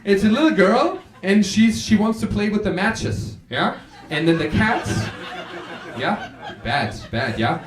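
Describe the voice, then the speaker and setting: A German stand-up comedian with a German accent, working the crowd with brash, punchy delivery on a club stage. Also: male voice, sits high, expressive, unhurried, reverberant. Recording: live club audio with loud crowd.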